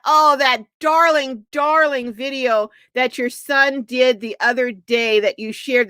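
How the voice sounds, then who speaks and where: An older woman hosting a casual live stream, chatting warmly and reading out viewers' comments and greetings. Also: high-pitched, no room sound.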